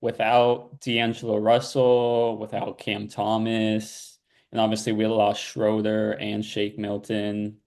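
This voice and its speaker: A man's voice: fairly low pitch, monotone, slow pace, gravelly, darkish tone. A young man co-hosting a sibling podcast, chatting casually about his team and rambling through fillers. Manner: laid-back, rambling with fillers and restarts. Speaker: podcast co-host. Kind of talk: casual sports chat.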